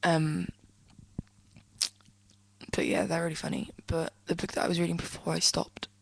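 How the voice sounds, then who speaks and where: A teenage girl from England chatting casually in a vlog, rambling and giggling, often trailing off into soft whispery asides as she sits at home. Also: low voice, little pitch movement, moderate pace, creaky, no echo, poor audio. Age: teens. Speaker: vlogger answering a friend's questions. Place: indoors, at home, sitting on a desk.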